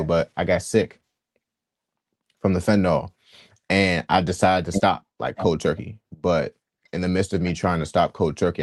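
Deep-voiced young man telling his story. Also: dry recording, studio quality. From Washington, D.C. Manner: earnest and animated, with street slang and frequent restarts. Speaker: guest sharing his testimony. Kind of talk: candid personal storytelling.

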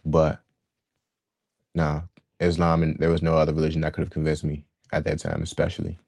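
A man's voice: very deep voice, completely flat delivery, fairly quick, vocal fry, darkish tone, dry recording. A young man from Washington, D.C., earnestly telling a personal story in casual slang, with frequent restarts. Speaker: guest sharing his testimony.

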